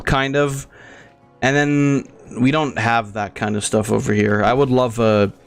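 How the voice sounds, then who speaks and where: A young man hosting his gaming channel, rambling through casual, crude and profane commentary as he plays. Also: mid-range voice.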